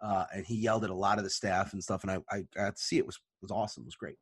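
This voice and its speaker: A man in his thirties co-hosting a podcast, telling a rambling, animated story full of fillers. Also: sits low, very fast, breathy edge, no room sound. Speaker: podcast co-host. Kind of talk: casual chat, storytelling.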